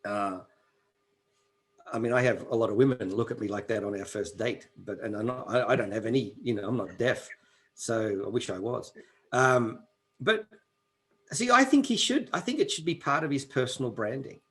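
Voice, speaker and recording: A man's voice: medium pitch, lively intonation, normal speed, a bit bright. A man co-hosting a casual podcast chat, thinking aloud and pressing his point with lots of "you know.". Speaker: podcast co-host. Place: Colorado.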